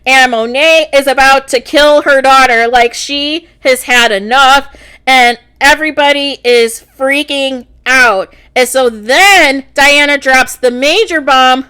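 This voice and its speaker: High-voiced woman recapping chattily. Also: fairly even intonation, slow pace, sharp tone, smooth. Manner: chatty, exasperated storyteller. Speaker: TV reaction vlogger. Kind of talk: casual episode recap.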